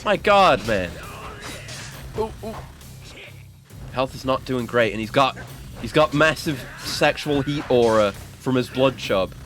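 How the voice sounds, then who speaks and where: Excitable man streaming a game. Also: mid-range voice, slow, pauses often, faint music behind. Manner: excitable, yelps and swears at the game. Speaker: gaming streamer. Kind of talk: casual let's-play commentary.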